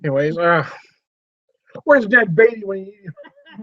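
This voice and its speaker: A man's voice: sits high, animated, normal speed, bright, forceful tone, no room sound, highs cut off. A man hosting a casual drinking video, laughing often and swearing as he jokes around. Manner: giggly, profane, keeps laughing at his own jokes. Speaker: beer and whiskey vlog host. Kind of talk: casual, rowdy drinking chat.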